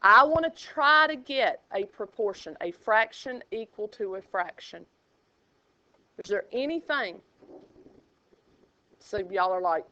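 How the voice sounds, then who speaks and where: A woman's voice: mid-range voice, expressive, a little slow, pauses often, sharp tone. A woman teaching a math class, chatty and playful with sing-song asides. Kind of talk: classroom lecture. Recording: dull lo-fi classroom recording.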